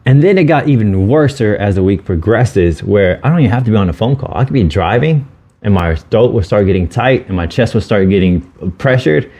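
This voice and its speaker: A man's voice: on the low side, expressive, brisk, warm tone. A man co-hosting a podcast, talking earnestly and openly about hard times and swearing freely. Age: adult with children. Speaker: podcast co-host. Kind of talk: candid podcast conversation.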